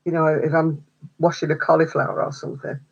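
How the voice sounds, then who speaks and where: A woman's voice: low-pitched, level tone, fast talker, gravelly, darkish tone, breathy edge, lo-fi sound. A woman hosting a craft livestream, chatting casually with viewers, answering their comments and laughing often. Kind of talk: casual chat with live viewers.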